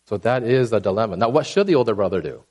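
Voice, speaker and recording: A man preaching a sermon in a conversational, animated way, often checking in with the congregation. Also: on the low side, quick pace. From Asian background.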